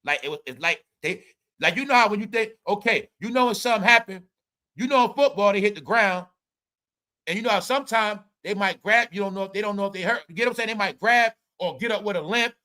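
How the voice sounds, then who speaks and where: A man hosts a celebrity gossip commentary, cursing and mocking as he rants. His voice is high and bright. He swings from loud shouts down to low mutters. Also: fast. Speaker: commentary show host.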